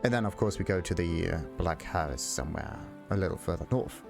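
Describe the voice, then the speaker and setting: Music plays in the background as a man with a deep, expressive voice and vocal fry speaks briskly while hosting a game let's play. His commentary is casual: he reads dialogue options out loud, chuckling and musing to himself.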